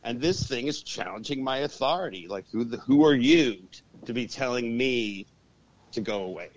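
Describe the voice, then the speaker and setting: Animated male storyteller on lo-fi audio. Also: medium pitch, normal speed. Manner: animated, swears freely. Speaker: guest, urban shaman and exorcist. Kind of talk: storytelling in a podcast interview. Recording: dull lo-fi podcast audio.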